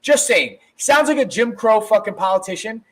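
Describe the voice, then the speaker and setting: High-voiced, rambling, profane podcast man. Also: brisk, low-quality recording. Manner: rambling, animated, swears a lot. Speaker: podcast co-host. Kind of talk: casual profane chat.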